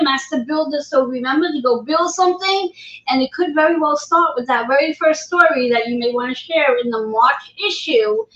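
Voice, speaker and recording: A woman's voice: sits high, fairly bright tone. A woman hosting a livestream interview, chatty and encouraging, often repeating her words. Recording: roomy, dull lo-fi livestream audio.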